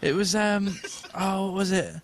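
Man, high voice, giggly, casual podcast chat. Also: fairly even intonation, unhurried. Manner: giggly, tells drunk anecdotes. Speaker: podcast co-host.

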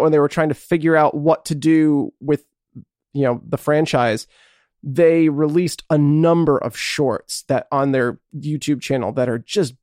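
A man's voice: medium pitch, clear, resonant tone, dry recording, studio quality. A man co-hosting a casual podcast chat, rambling and enthusiastic, swearing now and then. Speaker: podcast co-host.

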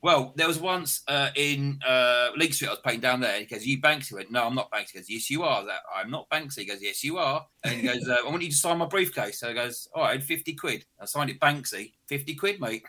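A man's voice: mid-range voice, fast, hardly any pauses. A man, a mural painter, telling funny work stories in casual chat and acting out the people he quotes. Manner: animated, acts out the people he quotes. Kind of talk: casual storytelling.

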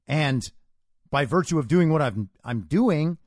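A man's voice: fairly high pitch, animated, a little slow, darkish tone, no room sound, clean studio sound. A man hosting a podcast, giving an opinionated political commentary monologue. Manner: opinionated, emphatic. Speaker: podcast host.

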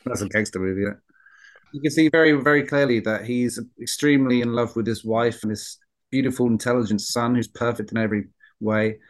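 A man co-hosting a casual podcast, talking haltingly with lots of fillers, swearing, and laughing easily. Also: medium pitch. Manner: hesitant, filler-heavy, profane, laughs easily. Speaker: podcast co-host. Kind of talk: casual chat.

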